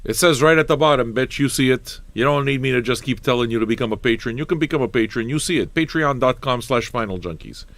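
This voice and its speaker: A man's voice: mid-range voice, fast talker, hardly any pauses, fairly bright tone, no echo. A man hosting a live-streamed record show, talking in a rambling, profane, mock-ranting way to his chat. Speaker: livestream DJ host. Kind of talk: casual live radio banter.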